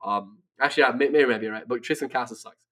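A man's voice: medium pitch, fast talker, pushed and bright. Brash, profane man ranting about sports. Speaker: podcast co-host. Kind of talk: profane casual sports talk.

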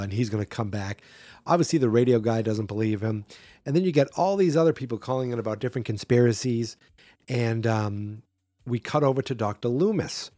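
A man's voice: mid-range voice, mellow, no echo. A man hosting a solo podcast, rambling through a movie in casual commentary and acting out quotes in a raised voice. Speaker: podcast host.

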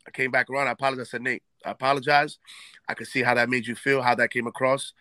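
Brooklyn guy with a new york accent, bright forceful voice, dry close sound, swears a lot telling stories. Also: medium pitch, fast, dry recording. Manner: animated, swears freely, acts out quoted dialogue. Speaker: podcast co-host. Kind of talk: casual chat, storytelling.

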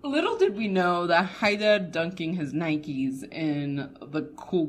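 A woman's voice: on the low side, fairly bright tone. A young adult woman co-hosting a casual chat show, teasing and playful as she tells stories. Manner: teasing, quick, playful older sister. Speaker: co-host.

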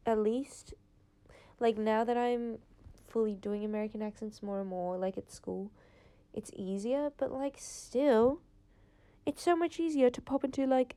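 Solo podcast host: teen girl, mellow tone, rambling and chatty. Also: on the high side, smooth. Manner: rambling, chatty, lots of "like" fillers. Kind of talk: casual solo podcast chat. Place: home, late at night.

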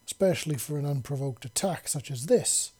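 A man's voice: fairly high pitch, lively intonation, brisk, a little mellow, husky. A man putting on a teasing, bossy creature woman. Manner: playful, sultry, bossy. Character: fierce female feathered creature, teasing and commanding.

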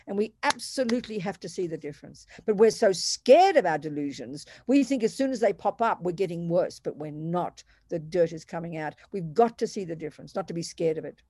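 A woman's voice: medium pitch, darkish tone, no room sound, clean studio sound. A woman teaching Buddhist practice in a Q&A over an online call, taking questions and acting out examples with quoted voices.

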